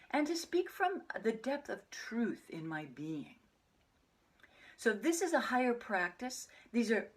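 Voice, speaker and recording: A woman teaching a meditation practice, speaking softly and calmly, often sinking to a breathy near-whisper. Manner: soft, calm delivery that drops into breathy near-whispers; chants mantras in a low murmur. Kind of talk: spoken meditation teaching to camera.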